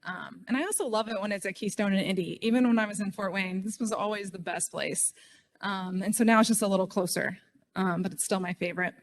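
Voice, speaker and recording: A woman's voice: mid-range voice, brisk, slight background noise. A middle-aged woman giving a chatty, self-deprecating speech at a conference podium. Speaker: state official speaking at a conference.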